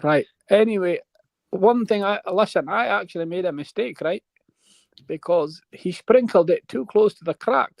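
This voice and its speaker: A man's voice: high-pitched, expressive, moderate pace, gravelly, darkish tone, no echo. A man telling a long rambling story on a live panel, checking in with his listeners. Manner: rambling, keeps checking in with "right?".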